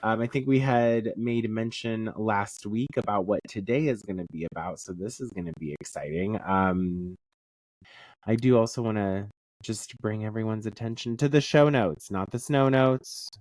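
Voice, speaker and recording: A man's voice: fairly low pitch, moderate pace, a little mellow, dry recording. Playful, jokey man podcast co-host. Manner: jokey, playful, silly asides. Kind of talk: casual chat.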